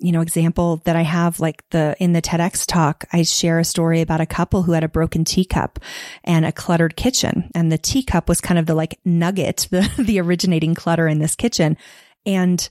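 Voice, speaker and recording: A woman's voice: fairly low pitch, flat delivery, fairly quick, darkish tone, dry recording, clean studio sound. A woman, a professional organizer, talking earnestly and at length as a podcast guest, now and then acting out the voices she quotes. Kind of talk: podcast interview.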